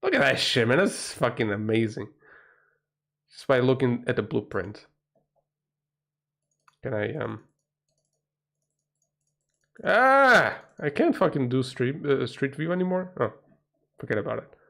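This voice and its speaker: A man's voice: mid-range voice, animated, normal speed, creaky, long pauses. A man from Portugal with a Portuguese accent, a livestream host in a rambling, profane, casual chat who often breaks into exclamations.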